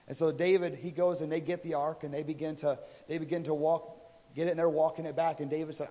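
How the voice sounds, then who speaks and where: High-voiced man preaching in a hall. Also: little pitch movement, fast talker, mellow. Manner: casual, conversational retelling with acted quotes. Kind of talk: sermon storytelling. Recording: reverberant hall.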